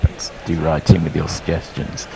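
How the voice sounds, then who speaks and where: A man calling ball-by-ball cricket commentary in a lively, chuckling way, bringing in his co-hosts. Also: very deep voice, normal speed, vocal fry, background noise.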